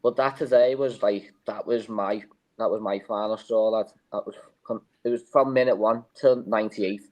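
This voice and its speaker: A man's voice: lowish voice, fairly even intonation, moderate pace, a little mellow. A man, co-hosting a casual football fan show, rambling and swearing, calling everyone "lad".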